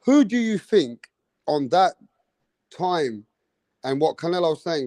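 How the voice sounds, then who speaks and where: A man hosting a podcast in casual chat, blunt and animated, swearing freely. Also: fairly high pitch, a little slow, no echo. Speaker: podcast host.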